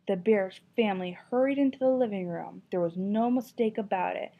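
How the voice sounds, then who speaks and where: A woman teacher reads a children's story aloud expressively, then asks the class encouraging questions about it. Her mid-range voice is gravelly and a little fast with hardly any pauses, and the lo-fi recording sounds dull.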